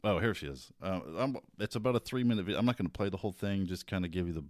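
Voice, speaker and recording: A man hosting his own show, talking casually in a rambling, halting way with restarts. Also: low-pitched, darkish tone, no room sound, clean studio sound. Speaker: podcast host. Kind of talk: casual solo commentary.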